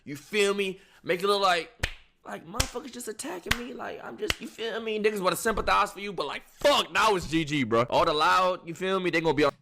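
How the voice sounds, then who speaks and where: A man co-hosting a live stream, reacting with excitable, profane, dramatic outbursts. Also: sits high, fairly quick, vocal fry, a little hiss or hum.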